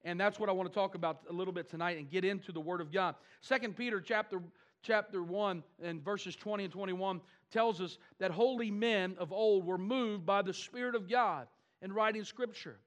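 A man preaching a sermon to his church, animated and with wry asides. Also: high-pitched, normal speed. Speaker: pastor.

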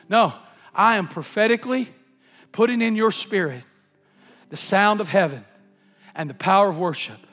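A man's voice: high voice, fairly bright tone, in a large hall. A man preaching a sermon in an impassioned, repetitive cadence. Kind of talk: Pentecostal-style sermon.

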